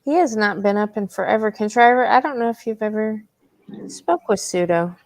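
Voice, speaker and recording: A woman hosting a casual voice chat, talking in a relaxed, halting way and sounding tired. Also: medium pitch, no echo. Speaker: host.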